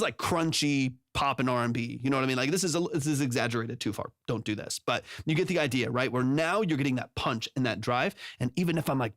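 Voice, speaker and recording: A man's voice: mid-range voice, a bit bright, no room sound. A man who produces music, talking loosely through a livestream tutorial into his studio vocal mic, full of fillers and restarts. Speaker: music producer giving mix feedback. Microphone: studio vocal mic through plugins.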